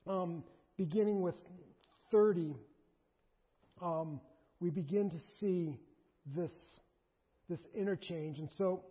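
A man preaching a sermon in an animated way, surging to emphatic bursts and dropping low, recorded in a large hall. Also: slow, pauses often, husky. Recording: dull lo-fi recording in a reverberant hall.

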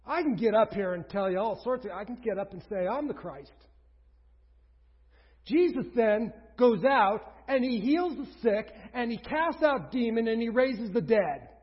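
Guy preaching a sermon, kinda husky, big echoey hall, muffled audio, gets loud then quiet. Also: very high-pitched, expressive, normal speed, few pauses. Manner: emphatic, asks rhetorical questions, swings between loud and hushed. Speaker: pastor. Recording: reverberant hall, dull lo-fi sound.

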